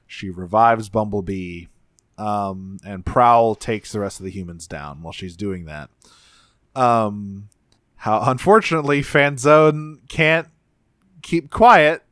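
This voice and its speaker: In casual chat on a podcast he co-hosts, a man rambles profanely through a recap of a cartoon episode, voicing the characters' lines quickly as he retells scenes. He has a lowish, fairly bright voice, recorded cleanly in a studio with no echo.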